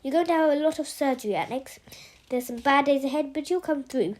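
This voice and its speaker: A woman's voice: high voice, fairly quick, a little mellow, lightly acted. A woman reading aloud and voicing a blunt, matter-of-fact middle-aged male doctor who gives orders.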